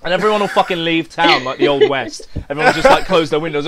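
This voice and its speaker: A man's voice: on the high side, quick pace, hardly any pauses, a crowd in the background. A man co-hosting a casual chat, trading crude, swearing jokes and puns. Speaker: co-host.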